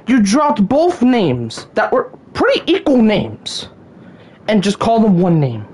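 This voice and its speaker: A woman hosts a solo rant podcast in an exasperated tone, often sighing and stumbling over her words. Her voice is husky, and her pitch swoops widely between highs and lows. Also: wildly swooping pitch, measured pace, a little mellow. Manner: exasperated ranting, sighs and stammers. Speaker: podcast host.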